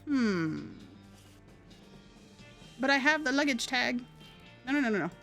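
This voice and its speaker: A woman's voice: high-pitched, very animated, a little slow, creaky, sharp tone, soft background music. A woman streaming a game playthrough, chatting and reading the game text aloud.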